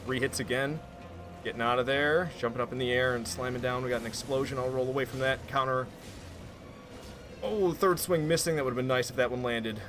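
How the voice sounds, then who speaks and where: A man's voice: medium pitch, brisk. A man giving play-by-play commentary on a boss fight in a video game. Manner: calm play-by-play, perking up at big moments. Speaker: gameplay commentator. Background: game music.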